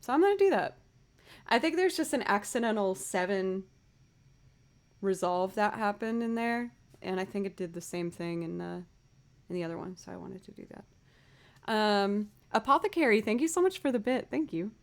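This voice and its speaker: A woman's voice: mid-range voice, expressive, normal speed. A woman from Massachusetts hosting a live music stream, chatting casually between songs and telling a story with a laugh. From United States, Massachusetts.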